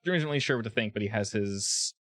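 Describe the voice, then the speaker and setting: A man narrating as game master of a tabletop game, relaxed and a bit hesitant. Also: fairly low pitch, quick pace, no room sound.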